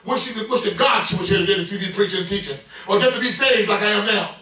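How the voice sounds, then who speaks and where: A middle-aged man preaching a sermon as pastor, building into loud bursts and calling out to the congregation. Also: high voice, fast. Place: church sanctuary. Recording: echoey church from far off.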